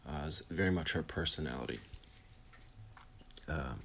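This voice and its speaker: A grieving man giving a heartfelt personal account, halting and full of restarts, sometimes dropping to a soft whisper. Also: very deep voice, gravelly, slight background noise. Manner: halting, with many pauses and restarts; drops to a soft whisper at times. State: grieving, voice heavy with emotion.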